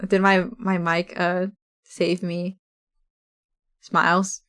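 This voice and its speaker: A woman's voice: on the low side, little pitch movement, slow pace, fairly bright tone, clean tone. A woman from the West Coast of the US, a streamer chatting casually with viewers, reading chat aloud and laughing often.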